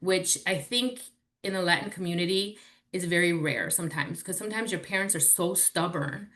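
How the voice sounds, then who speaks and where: A woman's voice: lowish voice, normal speed. A woman in her forties, a podcast guest, candidly and animatedly telling personal stories in casual chat. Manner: candid, animated storytelling with swearing.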